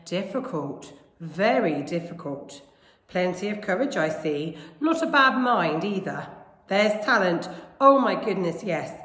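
Woman doing old storybook magic hat: unhurried, sly, musing; roomy echo. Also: on the low side, lively intonation, fairly bright tone. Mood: pondering. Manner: slow, drawn-out musing. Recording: echoey room with long reverb.

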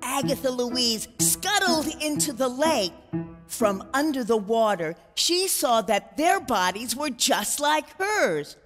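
A woman reading a children's storybook aloud in a concert, with expressive, animated storytelling. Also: sits high, slow, big-room sound, over music.

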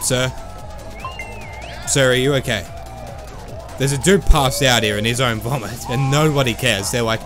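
A man's voice: mid-range voice, a little slow, pauses often, over music. A man commentating his playthrough of a game, joking, swearing and doing silly voices. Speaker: gaming channel host. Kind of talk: let's play commentary.

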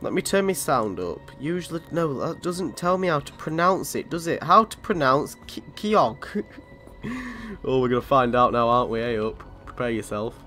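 A man's voice: medium pitch, very animated, normal speed, bright, forceful tone, soft background music. A man from commentating on a video game in a chatty, sweary way, often laughing. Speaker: gaming channel host.

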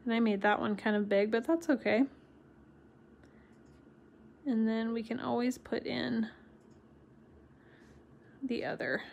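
Slow-talking woman teaching watercolor. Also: on the high side, fairly even intonation, vocal fry, darkish tone, dull audio, a little hiss or hum. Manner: chatty and encouraging, reads viewer comments aloud and laughs often. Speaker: watercolor stamping instructor. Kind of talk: live-streamed craft tutorial.

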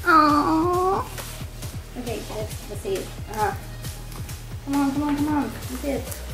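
High-voiced, gushing young woman vlogger. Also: normal speed, poor audio. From Argentina. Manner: gushing, excitable fan with giggles and many fillers. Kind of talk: casual unboxing chat. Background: faint background music.

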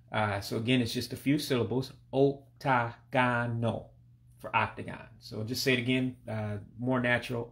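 An American man in his forties giving a casual spoken language lesson, with a relaxed and hesitant delivery that is full of fillers, repeating words slowly for practice. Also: mid-range voice, gravelly. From United States. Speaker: language learner teaching vocabulary.

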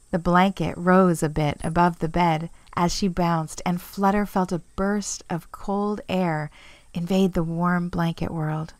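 A woman reads a storybook aloud, gentle and measured. Her voice is on the low side, and she takes her time over every line. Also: fairly even intonation, no echo. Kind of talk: scripted storybook narration.

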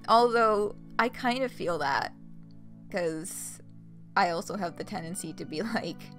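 A woman streaming a game, reading and reacting in an excitable way, swearing and laughing often. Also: mid-range voice, slow, long pauses, faint music behind. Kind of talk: gameplay commentary.

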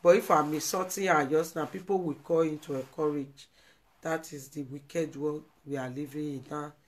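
Speaking at a normal speed with fairly even intonation, a Nigerian woman hosts a live video in a low voice. Her live-stream commentary is emotional and pleading, and she repeats herself.

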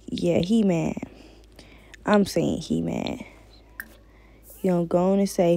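Gravelly-voiced woman narrating gameplay. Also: lowish voice, fairly even intonation, measured pace, long pauses, warm tone, poor audio. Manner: slangy, chatty, talks to viewers. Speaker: gamer. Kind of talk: casual gameplay commentary.

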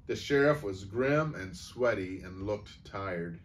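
Male storyteller, lively read-aloud delivery, acts out each character. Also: lowish voice, slow, hardly any pauses. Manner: animated, voicing each character.

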